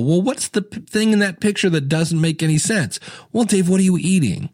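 A man's voice: on the high side, animated, a little fast, a little mellow, dry recording, studio quality. A middle-aged man hosting a casual solo podcast, chatty and self-deprecating, acting out his own thoughts in little voices. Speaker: podcast host.

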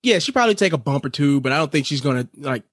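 A man's voice: a little high, sing-song, rapid-fire. A man co-hosting a podcast, mostly giving short agreeing replies and brief opinions in casual chat. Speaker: podcast co-host.

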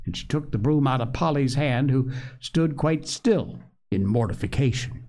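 Man narrating an animated storybook aloud. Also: medium pitch, normal speed. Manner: expressive, animated reading.

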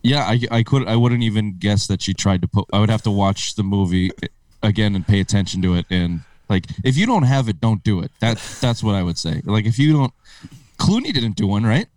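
A man's voice: on the low side, expressive, a little fast, a little mellow, dry recording, recorded from a distance. A man on a casual podcast who talks bluntly and swears casually. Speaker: podcast co-host.

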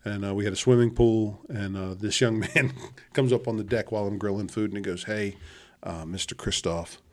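A man's voice: fairly low pitch, fairly even intonation, fairly quick, a little mellow. Man, casual podcast co-host, storyteller who acts out dialogue. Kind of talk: casual chat.

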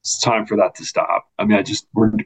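A man's voice: on the low side, steady tone, a little fast, breathy edge. An American man, a neurosurgeon, talking earnestly in an interview and explaining things step by step with frequent restarts. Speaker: neurosurgeon guest. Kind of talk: conversational interview. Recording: muffled lo-fi audio.

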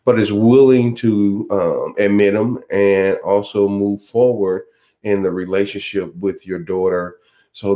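A man with a very low voice speaks slowly and unhurriedly. He is a podcast host sharing faith-based reflections. He talks in a folksy, preacherly way, full of ums and restarts. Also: darkish tone. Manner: slow, folksy, preacherly with many fillers.

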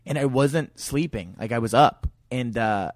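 A man's voice: medium pitch, measured pace. A man guesting on a podcast, talking candidly in a rambling way, often restarting and repeating his words. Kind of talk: casual podcast conversation.

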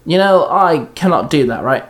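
A man's voice: on the high side, lively intonation, normal speed, close to an everyday voice. Man reading easygoing teen hero, casual mutter. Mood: stubborn. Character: young male hero who transforms, casual and wry.

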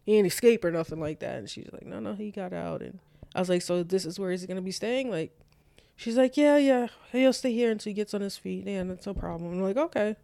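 A young adult woman telling a personal story in a casual talk, animated and full of "like", acting out both sides of the dialogue. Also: mid-range voice, fast, dry recording, clean studio sound.

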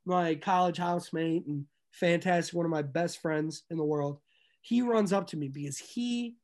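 Animated young man telling a story. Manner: animated, swings from loud excitement to low asides; laughs through stories. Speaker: podcast guest. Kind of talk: casual storytelling chat.

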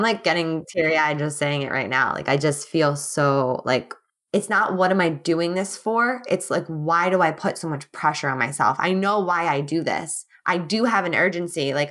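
Candid, emphatic woman, low voice. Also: a bit bright. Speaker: guest, business coach. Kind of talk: casual podcast chat. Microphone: remote call.

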